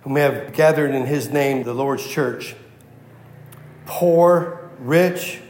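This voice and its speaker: A man's voice: mid-range voice, slow, a little mellow, reverberant. A man preaching a sermon as pastor, emphatic and repeating his key phrases for weight. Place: church.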